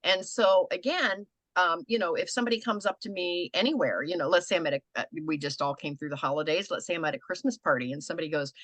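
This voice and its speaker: Lively older American coach woman. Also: on the low side, quick pace, hardly any pauses, no echo. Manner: conversational, animated, acts out quoted people. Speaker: business coach. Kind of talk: coaching a group online.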